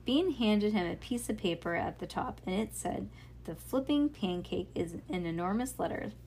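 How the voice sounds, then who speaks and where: A woman's voice: medium pitch, normal speed, darkish tone, a little hiss or hum. A woman reading a children's book aloud in a casual, unpolished way. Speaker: reader.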